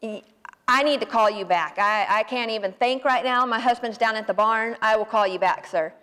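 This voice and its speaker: A woman in her late twenties with a Southern American accent, telling a personal story in a folksy, animated way. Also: on the high side, moderate pace, in a large hall. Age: 20s. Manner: folksy, animated, self-deprecating. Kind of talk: personal story told to an audience.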